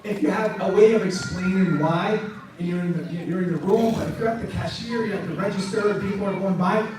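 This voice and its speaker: A man's voice: high voice, fairly quick, distant mic, background noise. Joking man lecturing in an echoey hall. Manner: sarcastic, joking, animated. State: voice tiring. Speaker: speaker answering congregation questions. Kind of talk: lively Q&A talk to a congregation. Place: mosque hall.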